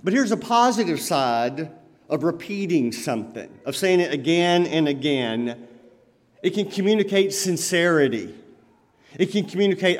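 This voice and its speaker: A man preaching a sermon as pastor, swinging between loud emphatic lines and quiet lowered ones. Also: expressive, normal speed, big-room sound.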